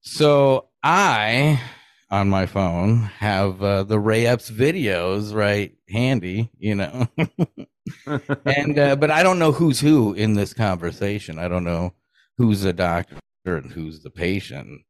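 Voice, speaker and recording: Deep-voiced man telling a crude story. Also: slow pace, no echo, clean studio sound. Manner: profane, laughing through his own anecdote. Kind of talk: casual storytelling.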